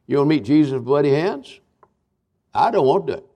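A man's voice: fairly high pitch, very animated, moderate pace, pauses often, dark tone, slightly rough. An older man from Kentucky preaching a folksy revival sermon, with many restarts and fillers.

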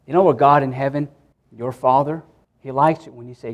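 A man's voice: mid-range voice, steady tone, brisk, muffled recording. A middle-aged man preaching a sermon as pastor, impassioned and acting out prayers and quotes, often stammering as he restarts.

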